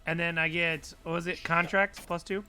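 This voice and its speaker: A man's voice: on the high side, little pitch movement, moderate pace, noisy background. A man playing in an online tabletop game, chatting casually and joking around. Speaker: player.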